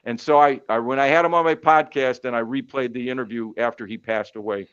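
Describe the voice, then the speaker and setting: Animated storytelling sportscaster, man. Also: mid-range voice, brisk, smooth, muffled recording. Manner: animated storyteller with many fillers. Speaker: sportscaster and podcast guest. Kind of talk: casual storytelling chat.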